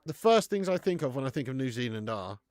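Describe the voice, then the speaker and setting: A man's voice: medium pitch, big pitch swings, fast, a little mellow, no room sound. A man hosting a live football watch-along, chatting casually, bantering with viewers and swearing now and then.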